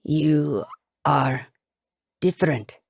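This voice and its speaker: A woman voicing a huge, brutal male enemy general who speaks slowly and menacingly in broken words with a thick foreign accent. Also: sits low, creaky, no echo, clean studio sound, pitched below the performer's own voice, heavily acted. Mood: puzzled.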